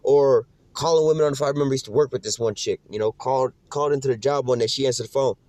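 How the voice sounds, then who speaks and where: Fast-talking man ranting in slang. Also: mid-range voice, darkish tone, dry recording. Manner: slangy and profane, keeps adding "man" and "you know what I'm saying"; loose and rambling with restarts. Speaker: commentator. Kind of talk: casual ranting commentary.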